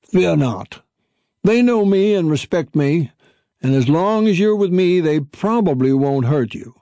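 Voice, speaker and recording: Man doing a pompous old dog, stately wording, slow, mellow tone. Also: fairly high pitch, lively intonation, no echo, voice pushed up. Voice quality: pompous, old-fashioned diction. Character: old male dog, formal, self-assured, wry.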